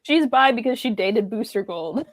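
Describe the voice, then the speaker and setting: A woman chatting casually as a podcast co-host, joking and quick to laugh. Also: a little high, expressive. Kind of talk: casual chat.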